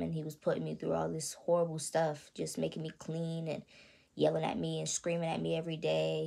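An 18-year-old woman telling her own story in a vlog, soft and halting, often stopping to ask "you know what I mean". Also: sits low, vocal fry. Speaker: vlogger. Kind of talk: confessional personal storytelling.

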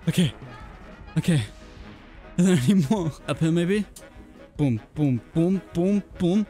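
A man giving excitable live commentary while playing a VR shooter, yelping and swearing when he gets hit, ending up out of breath, with game music and gunfire behind him. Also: high-pitched, unhurried, long pauses. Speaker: gaming YouTuber.

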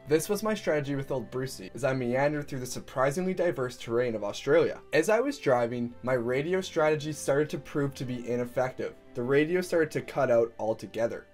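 A man's voice: mid-range voice, a little fast, a little mellow, soft background music. A young man from Canada narrating his own travel story in a scripted, earnest and upbeat voice-over. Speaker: vlogger.

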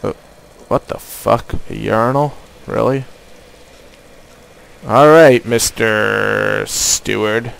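A man hosting a casual let's play, chatty and excitable, swearing freely. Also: medium pitch, takes it slowly, vocal fry, pauses often. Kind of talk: casual gameplay commentary.

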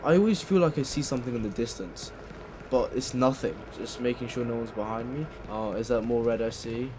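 A man's voice: medium pitch, a little fast, background noise. Jumpy man playing a horror game. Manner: reads notes aloud, jumpy and swearing when scared. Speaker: gameplay commentator. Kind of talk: horror game let's play commentary.

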